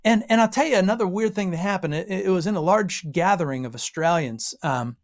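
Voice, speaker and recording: A woman's voice: fairly low pitch, a little fast. An American woman from Western Pennsylvania giving an informal Bible exposition, telling stories with frequent asides. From Western Pennsylvania, USA. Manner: animated storytelling with frequent asides. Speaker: Bible teacher.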